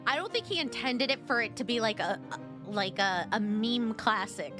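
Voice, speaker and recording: A woman's voice: fairly high pitch, expressive, moderate pace, over music. A woman streamer chatting casually with her viewers, giggly and rambling, with lots of fillers. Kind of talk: casual reaction chat.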